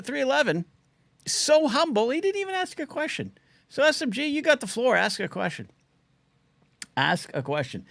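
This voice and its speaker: A middle-aged man hosting a live call-in stream, chatting loosely and reading out chat names, his throat a little scratchy from shouting. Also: on the high side, no room sound. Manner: chatty, quick asides, reads out chat names. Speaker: livestream call-in show host. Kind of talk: casual rambling live-stream talk.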